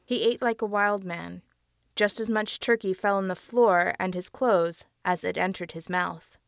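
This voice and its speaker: A woman narrating a dark audiobook story in a measured storytelling voice. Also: mid-range voice, gravelly, dry recording, studio quality. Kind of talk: scripted narration.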